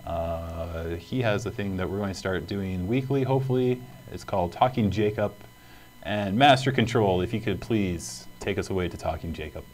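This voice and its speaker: A man's voice: deep voice, moderate pace, a little mellow, a little hiss or hum. A man hosting a casual student show, easygoing and joking. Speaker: show host.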